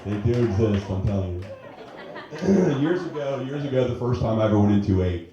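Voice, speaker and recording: A man's voice: lowish voice, animated, normal speed, lo-fi sound, a crowd in the background. A middle-aged man doing a brash, crude stand-up comedy set on a comedy club stage, with a handheld mic. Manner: brash, crude, with mock-fussy character voices. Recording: very echoey club room.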